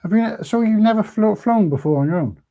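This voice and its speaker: Mellow-voiced man, teasing. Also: high voice, lively intonation, creaky, highs cut off. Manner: teasing, quizzical, quick remarks. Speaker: livestream co-host. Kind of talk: casual chat.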